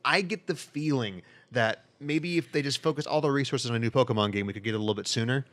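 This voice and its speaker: A man co-hosting a casual gaming podcast, opinionated and quick to laugh. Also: medium pitch. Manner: opinionated, animated, laughs often. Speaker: podcast co-host. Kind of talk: casual chat.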